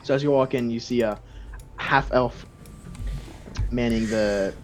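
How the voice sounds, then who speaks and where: A man narrating as game master for friends, exasperated and quick to swear and laugh. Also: mid-range voice, a little hiss or hum.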